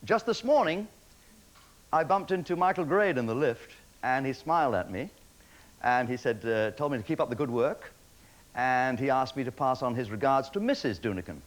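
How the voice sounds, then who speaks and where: A man's voice: a little high, low-quality recording. A man hosting a TV talent show, presenting acts with wry, mock-flustered jokes. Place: TV studio.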